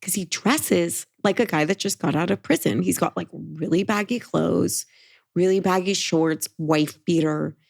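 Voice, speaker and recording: A woman co-hosting a podcast, an animated storyteller who acts out the people she quotes in casual chat. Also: lowish voice, unhurried, creaky. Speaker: podcast co-host.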